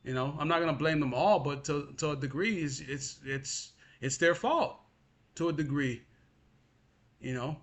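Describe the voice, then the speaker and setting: A man's voice: on the high side, normal speed, fairly bright tone. A young adult man venting in a frustrated monologue to his viewers, repeating himself and cursing as he talks. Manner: frustrated, repetitive, cursing, addresses listener as bro. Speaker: vlogger.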